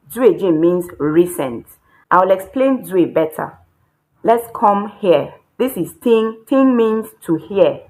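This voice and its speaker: Slow, patient woman teaching Chinese. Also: fairly low pitch, darkish tone, poor audio. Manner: patient, step-by-step explaining with repetition. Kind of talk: language lesson.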